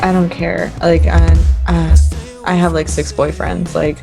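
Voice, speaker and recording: Female podcast guest from the US, lower pitch, bubbly and self-mocking. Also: flat delivery, a little slow, creaky, soft background music. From United States. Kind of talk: casual chat.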